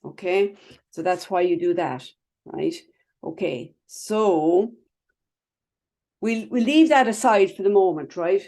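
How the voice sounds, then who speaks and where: A woman's voice: on the low side, animated, slow pace, pauses often, dark tone. A woman teaching a class over a video call, chatty, explaining with everyday images and checking in with "right?" and "okay?" after nearly every phrase. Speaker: wellness instructor.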